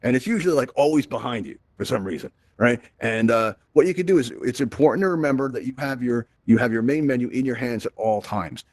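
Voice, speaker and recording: A man's voice: mid-range voice, expressive, fast talker, hardly any pauses, a little mellow, no echo. A man hosting a live virtual reality event, teaching his audience in an upbeat, chatty way and often checking in with "right?". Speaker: host.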